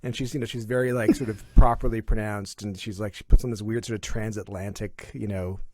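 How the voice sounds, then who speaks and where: A middle-aged man from Canada, chatting casually and telling animated stories, slipping into playful impressions. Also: on the low side, fairly quick, dry recording, studio quality. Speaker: comedian and voiceover artist as guest. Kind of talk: casual chat.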